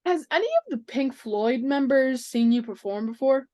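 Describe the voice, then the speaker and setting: A woman's voice: high voice, expressive, moderate pace, mellow. Woman asking short casual questions. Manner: short, direct, informal questions. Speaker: interviewer.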